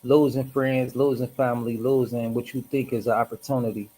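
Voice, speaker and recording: A man hosting a casual livestream, reflective and rambling, hoarse from smoking and clearing his throat often. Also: medium pitch, flat delivery, fairly quick, mellow, low-quality recording. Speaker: host.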